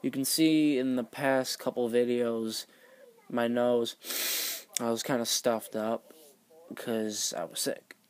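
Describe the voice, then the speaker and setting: Slow, rambling teenage boy vlogger. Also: medium pitch, little pitch movement, smooth. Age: teens. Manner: rambling, many "like" fillers. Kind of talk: casual storytelling.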